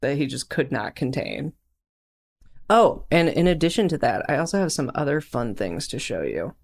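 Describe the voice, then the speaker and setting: A man co-hosting a casual chat, telling stories with lively acted-out quotes. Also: mid-range voice, normal speed, gravelly. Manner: animated storyteller, acts out quotes. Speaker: podcast co-host and artist.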